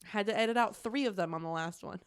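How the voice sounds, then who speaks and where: A young adult woman co-hosting a podcast in casual chat, animated and laughing often, swearing freely. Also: mid-range voice, quick pace, clean tone. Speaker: podcast co-host.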